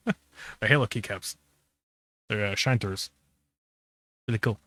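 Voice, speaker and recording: A man's voice: lowish voice, takes it slowly, fairly bright tone, no echo. A tired man streaming while he edits a video, rambling casually and searching for words. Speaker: streamer editing his video. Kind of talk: casual live commentary.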